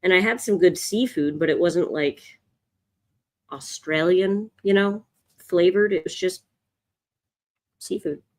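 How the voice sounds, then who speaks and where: A woman's voice: lowish voice, slow, long pauses. A woman hosting a live drawing stream, chatting casually and answering viewers' comments. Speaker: art livestream host. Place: home, in Chicago.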